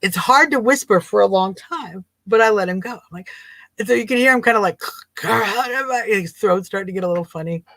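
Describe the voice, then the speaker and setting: A woman's voice: medium pitch, fast, fairly bright tone, no echo. Chatty woman hosting a livestream. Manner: chatty, amused, rambling with repeats. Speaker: host. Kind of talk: casual livestream talk.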